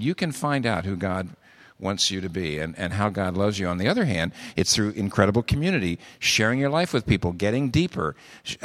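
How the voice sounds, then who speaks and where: A man's voice: mid-range voice, fairly bright tone, big-room sound. A man preaching a sermon in a conversational way, asking rhetorical questions and often restarting his sentences. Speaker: pastor.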